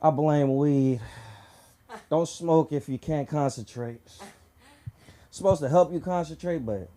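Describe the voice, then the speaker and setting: A man doing a crude stand-up set at an open mic, acting out characters in shrill voices. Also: a little slow, mellow. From Southern California. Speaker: stand-up comedian. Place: comedy club stage.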